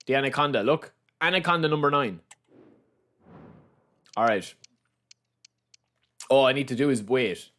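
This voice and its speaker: A man's voice: mid-range voice, expressive, unhurried, pauses often, a bit bright. A man streaming a football game, chatting casually and teasing his viewers, repeating himself as he rambles. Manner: teasing banter with chat, calls everyone lads. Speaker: gaming livestreamer. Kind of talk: casual live-stream chat while playing.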